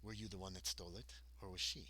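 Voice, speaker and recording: A man voicing a stern male captor who questions a prisoner slowly, in a clumsy put-on accent that drifts toward Russian. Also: sits low, steady tone, sharp tone, husky, pitched below the performer's own voice, exaggerated voice. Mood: menacing.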